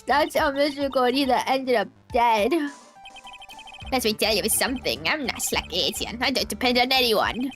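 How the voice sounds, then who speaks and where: A woman's voice: on the high side, fairly bright tone. A woman voicing a smug, two-faced male celebrity villain who gloats over his crimes with a sneering delivery.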